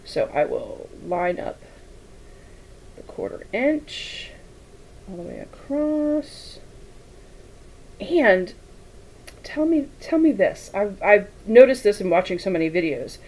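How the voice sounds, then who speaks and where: Slow, chatty woman quilting host. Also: medium pitch, big pitch swings, a little mellow, slight background noise, low-quality recording. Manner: chatty, rambling, laughs often, reads chat aloud. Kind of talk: casual chat while sewing.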